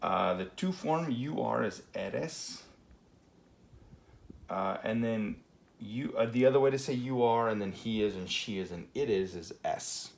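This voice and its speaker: A man teaching a Spanish grammar lesson at a whiteboard, relaxed and full of fillers, checking in with "okay" often. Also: lowish voice, a little slow, vocal fry. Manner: relaxed, many fillers and okays.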